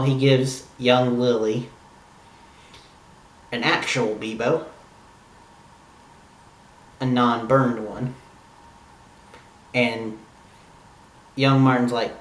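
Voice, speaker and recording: A man's voice: mid-range voice, roomy sound, far from the mic. A man casually recapping a TV episode for his channel, rambling and enthusiastic with lots of "like". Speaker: TV review vlogger.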